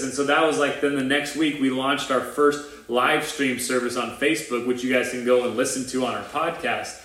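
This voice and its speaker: A man's voice: medium pitch, fairly even intonation, moderate pace, hardly any pauses, a bit bright, a little hiss or hum. A man preaching a sermon as pastor of a new church, earnest and informal, with restarts and asides. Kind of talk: conversational livestream sermon. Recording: roomy echo.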